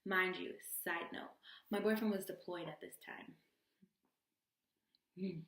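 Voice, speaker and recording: A young woman vlogger recounts a wild story in a casual, slang-filled voice. She sets her lines low and throws in jokey asides. The room around her rings with a roomy echo. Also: steady tone, slow, pauses often, a bit bright.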